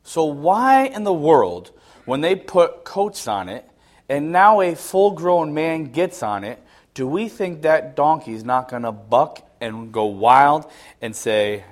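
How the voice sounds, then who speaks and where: Animated man preaching a sermon. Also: takes it slowly. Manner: animated storytelling, swinging from low mutters to high loud exclamations; laughs at himself between lines. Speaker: pastor.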